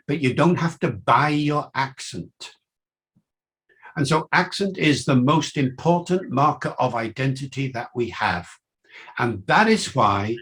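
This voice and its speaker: Slow, deliberate older man lecturing. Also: mid-range voice. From Wales. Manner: measured, deliberate, emphatic phrasing with rhetorical questions. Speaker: linguist lecturer. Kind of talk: academic lecture.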